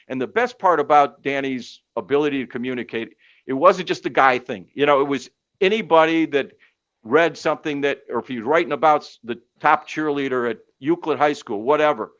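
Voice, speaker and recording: A middle-aged man and sportscaster, telling stories in casual chat as a podcast guest, animated and filler-heavy. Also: fairly high pitch, dull audio. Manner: animated storyteller with many fillers.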